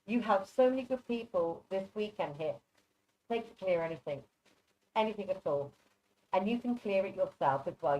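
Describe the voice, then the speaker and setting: Chatty psychic reader, woman, affectionate, dull online call audio. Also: medium pitch. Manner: affectionate, chatty, calls people darling. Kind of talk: live online readings.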